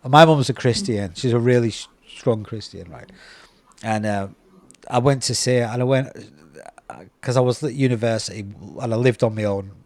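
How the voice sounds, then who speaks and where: A British man, a podcast host, telling a personal story in a casual, animated way, acting out the voices of people he quotes. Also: mid-range voice, normal speed, dry recording. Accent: British English. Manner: animated, acts out quoted voices, repeats words.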